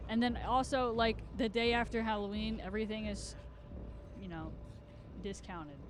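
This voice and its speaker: A young adult streamer chatting casually and excitably while playing a horror game, swearing and yelping at scares. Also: medium pitch, normal speed, background noise. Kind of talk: casual live gameplay chat. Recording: loud game sounds under the voice.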